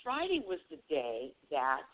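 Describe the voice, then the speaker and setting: Woman host, casual spiritual talk, animated storytelling, very lively pitch, tinny phone-line sound. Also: unhurried. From United States. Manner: animated storytelling with bursts of high excited squeals. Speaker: radio show host.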